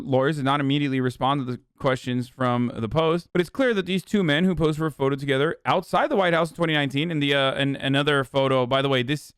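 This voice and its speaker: A man's voice: a little high, fairly bright tone, smooth, no room sound, clean studio sound. Swearing sarcastic male streamer. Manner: profane, sarcastic, mocking. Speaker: streamer reacting to news clips. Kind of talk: live-stream commentary.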